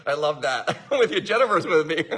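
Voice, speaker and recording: A man hosting a motivational livestream, energetic and laughing often as he greets viewers by name. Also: a little high, normal speed, husky. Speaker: winery livestream host. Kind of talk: upbeat motivational livestream talk.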